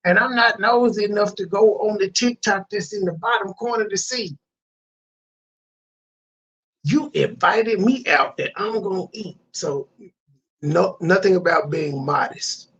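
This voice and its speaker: A man's voice: sits high, normal speed, fairly bright tone, lo-fi sound. A man hosting a reaction commentary, ranting with profane disbelief. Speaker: commentary channel host.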